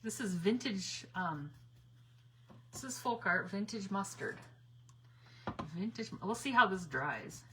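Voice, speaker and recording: Woman, bright voice, craft livestream host, chatty, greets viewers by name, laughs a lot, faint hair dryer hum behind. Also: medium pitch, animated, slow pace, long pauses. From northern United States. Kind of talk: casual live-stream chat while painting.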